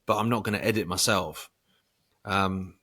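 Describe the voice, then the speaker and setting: A man speaking as a guest in a casual conversation. He swears freely and breaks into bursts of loud emphasis. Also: sits low, moderate pace. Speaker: podcast guest.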